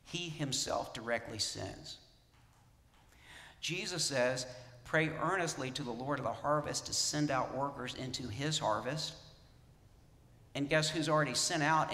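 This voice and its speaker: A man's voice: fairly high pitch, normal speed, pushed and bright. Urgent preaching man in an echoey hall. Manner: urgent, emphatic preaching with rhetorical questions. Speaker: pastor. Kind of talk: sermon.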